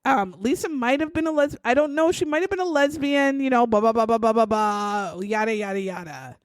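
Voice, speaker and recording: A woman's voice: fairly high pitch, fairly quick, dry recording. A woman co-hosting a podcast, retelling a true-crime case in a profane, sarcastic, exasperated way. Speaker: podcast co-host. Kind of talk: casual true-crime storytelling.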